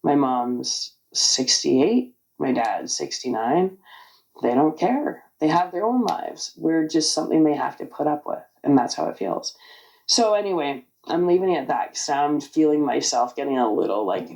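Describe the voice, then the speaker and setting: A woman in her forties talking candidly in a casual vlog, rambling with lots of fillers, her voice raspy from allergies. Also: deep voice, expressive, normal speed, a little mellow, poor audio. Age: 40s. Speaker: vlogger. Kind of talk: casual personal vlog talk.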